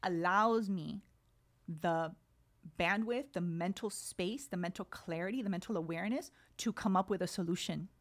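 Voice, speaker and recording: A woman's voice: lowish voice, moderate pace. A woman in her thirties, a coach and podcast guest, telling her story in a casual interview and acting out her own inner thoughts.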